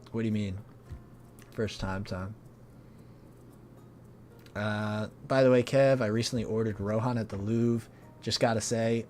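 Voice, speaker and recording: A young man hosting a charity livestream, chatting casually with viewers in a laid-back, slangy way that often trails off quietly. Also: medium pitch. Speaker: streamer hosting a charity stream.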